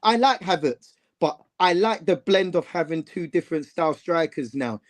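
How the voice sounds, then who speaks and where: A man talks football in a loose, animated way, throwing in slang and circling back over his own words. His voice sits high for a man. The chat is relaxed and unscripted. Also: normal speed. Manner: animated, heavy slang, repeats himself. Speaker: co-host.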